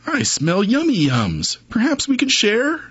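A man's voice: very high voice, huge pitch swings, a little slow, a bit bright, slightly rough, pitched above the performer's own voice, exaggerated voice. A man voicing a friendly, cheerful badger in a raised, eager voice, reading a storybook. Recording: dull muffled recording.

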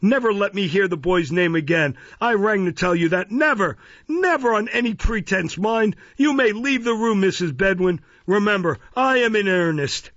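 A man voicing a kind-hearted old gentleman who speaks sternly and commandingly in a storybook reading. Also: fairly high pitch, moderate pace, vocal fry, no echo, dull audio, voice pushed up.

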